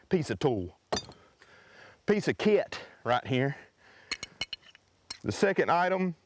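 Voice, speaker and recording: A man with a Southern US accent giving a casual, chatty outdoor gear demo in the woods, folksy and quick to laugh at himself. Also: medium pitch, no echo. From North Carolina, US South. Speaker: gear reviewer.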